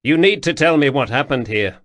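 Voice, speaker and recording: A man's voice: mid-range voice, lively intonation, a little fast, a bit bright, pitched above the performer's own voice, close to an everyday voice. A man reading an audiobook voices a young male seer who questions ghosts in an urgent, commanding way. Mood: intense. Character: young male spirit-seer, intense, brusque then gentle.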